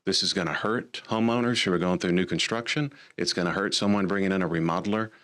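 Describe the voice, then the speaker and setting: A man speaks as an association representative in formal testimony. His voice sits very low, and he talks in a measured way, often pausing with "uh" between phrases. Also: fairly bright tone. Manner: measured, with frequent "uh" pauses.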